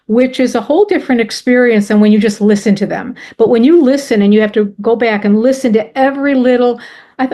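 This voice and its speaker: A woman's voice: fairly high pitch, darkish tone. A woman telling a personal story with earnest emotion, often restarting her sentences. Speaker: presenter.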